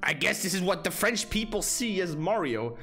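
A young man streams a game and talks over it in loose, mocking commentary, swearing often and breaking into shouts of disbelief. His voice sits a little high and swings widely in pitch. Faint music plays behind him. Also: very animated, moderate pace. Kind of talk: casual gameplay commentary.

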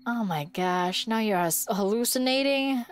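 A woman's voice: fairly high pitch, measured pace, clean tone. A woman streaming a video game, reacting to it with jokes and lots of giggles. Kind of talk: let's play commentary.

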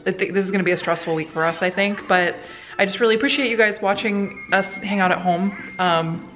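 A woman's voice: lowish voice, a bit bright, low-quality recording. A woman in her thirties chatting casually to camera at home as a vlog host, rambling with lots of filler words. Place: family home at dinner time.

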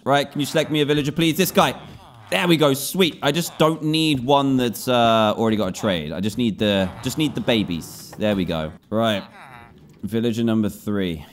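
A man giving gameplay commentary, scolding and pleading with the characters in his game. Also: medium pitch. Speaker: gaming video host.

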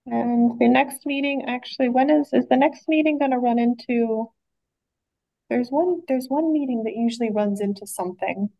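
A woman's voice: on the high side, normal speed, gravelly, no room sound, highs cut off. A woman, a library director, running a public board meeting in a chatty way with lots of fillers and restarts.

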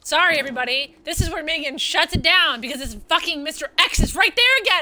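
A woman's voice: high voice, lively intonation, fast talker, no echo. A woman playing a horror game on her channel, panicking, swearing, and pleading with the game and a friend. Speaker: gaming host. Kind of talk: let's play commentary. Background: loud game music.

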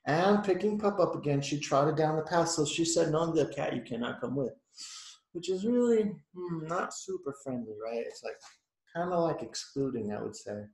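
A man's voice: a little high, expressive, moderate pace, darkish tone, roomy sound, poor audio. A male teacher reading a picture book aloud to children, stopping to explain the pictures and ask them questions. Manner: chatty, explains the pictures, asks the kids questions.

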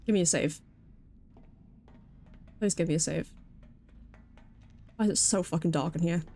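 A woman's voice: on the low side, measured pace, warm tone, faint music behind. Jumpy British woman streaming a game. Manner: jumpy, swears freely, talks to chat while playing. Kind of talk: live gameplay commentary.

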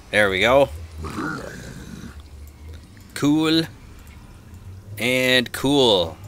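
A man talks through his gameplay in an easy, chatty way, breaking into sudden yelps when things go wrong. His pitch moves about a lot. A clear dripping sound from a home aquarium runs under his voice. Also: very slow, pauses often. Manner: chatty, easily excited, yelps and laughs. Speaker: gaming channel host. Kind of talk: casual gameplay commentary. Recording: noisy home recording, aquarium drip behind. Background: dripping aquarium water.

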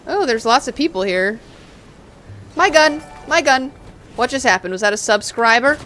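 A woman's voice: fairly high pitch, lively intonation, fairly quick, fairly bright tone, slight background noise. A woman streamer chatting casually while gaming, playful and sarcastic.

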